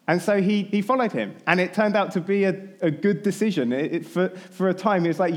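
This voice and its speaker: A man, a pastor, giving a sermon, telling a story in a relaxed, conversational way. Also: high-pitched, fairly quick, few pauses.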